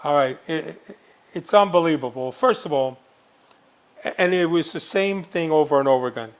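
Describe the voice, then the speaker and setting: A man with a fairly high voice spins anecdotes as an interview guest. He talks in animated bursts, restarting lines and leaning on fillers. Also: moderate pace, clear, resonant tone. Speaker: guest, former undercover agent. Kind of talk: storytelling interview.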